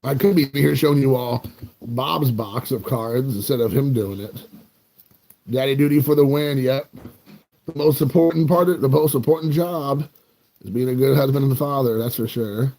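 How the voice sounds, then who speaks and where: A mellow, medium-pitched man's voice with some vocal fry, speaking at a normal speed. He's an American in his forties who hosts a card collecting channel, chatting casually with viewers and rambling, joking, and poking fun at himself.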